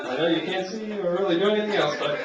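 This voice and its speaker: A young man works through a stand-up set, rambling easily and jumping into raised character voices. His voice sits high for a man. The recording is muffled and lo-fi, caught from a distance in a roomy club with clear audience noise. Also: fast talker. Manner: laid-back rambling delivery, acts out characters in raised voices. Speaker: stand-up comedian. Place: comedy club stage. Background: audience laughter.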